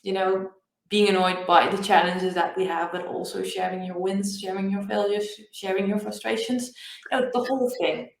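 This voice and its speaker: A woman's voice: medium pitch, fairly even intonation, normal speed, gravelly, roomy sound, low-quality recording. A woman co-hosting a business podcast, chatting casually with a lot of restarts. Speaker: podcast co-host.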